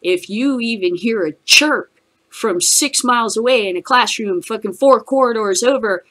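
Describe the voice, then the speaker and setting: Her voice fairly high and a bit bright, an American cannabis news host tears into the news angrily. She swears heavily and speaks in rapid bursts.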